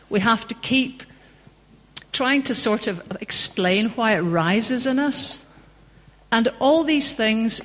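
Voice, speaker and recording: A woman from Northern Ireland answering audience questions after a public talk, conversational and passionate, telling anecdotes. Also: mid-range voice. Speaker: guest speaker. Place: public hall. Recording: dull echoey hall recording.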